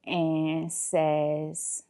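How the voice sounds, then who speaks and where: Casual woman vlogger, 30s, lowish voice, exasperated and animated storyteller. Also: very slow. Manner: animated, exasperated retelling with profanity.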